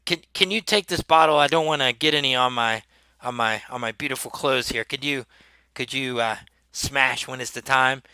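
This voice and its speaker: A man's voice: medium pitch, normal speed, pushed and bright, clear, resonant tone, no echo, pitched below the performer's own voice. A man voicing a pompous, fussy male noble lord who gives grand speeches in a tabletop game.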